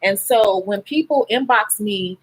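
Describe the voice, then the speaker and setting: A nail technician and beauty YouTuber, tired and short on sleep, speaks bluntly and emotionally to her viewers in a candid livestream chat. Her voice is medium-pitched and a little slow, and the low-quality recording carries slight background noise.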